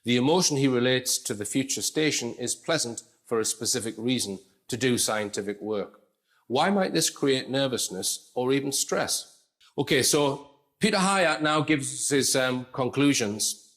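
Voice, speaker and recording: A man's voice: medium pitch, animated, normal speed, a bit bright. A man presenting an analytical commentary in a conversational way, explaining with asides.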